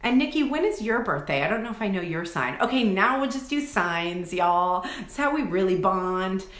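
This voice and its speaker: A woman's voice: mid-range voice, very animated, normal speed, fairly bright tone, reverberant. Gushing, chatty woman in her forties. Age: 40s. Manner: effusive, chatty, swears casually, reads and answers viewer comments. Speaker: coach hosting a live Q&A. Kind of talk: casual live-stream coaching chat.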